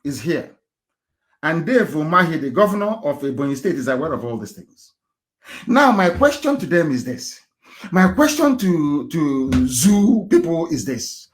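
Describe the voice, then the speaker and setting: Fiery man, high voice. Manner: fiery and rhetorical, swinging from loud outbursts to low muttering; repeats phrases and asks rhetorical questions. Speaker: activist leader giving a live broadcast. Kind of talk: impassioned political broadcast.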